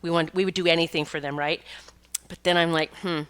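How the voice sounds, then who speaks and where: Speaking briskly with a steady, clean, slightly bright tone, this middle-aged woman has a fairly low voice. As a podcast host and pet communicator, she meanders chattily through stories, restarting often and now and then laughing.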